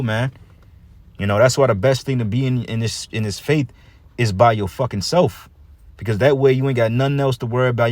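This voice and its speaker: A man's voice: mid-range voice, darkish tone. A man giving a blunt, profane street sermon, reading scripture and breaking it down with repeated "man" and "okay". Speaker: preacher.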